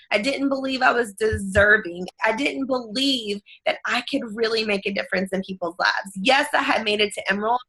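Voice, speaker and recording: Woman in her 30s, upbeat pep talk to her team, bright kinda high voice, earnest and churchy. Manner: energetic, earnest, faith-filled, addresses listeners directly. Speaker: network marketing team leader. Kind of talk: motivational talk.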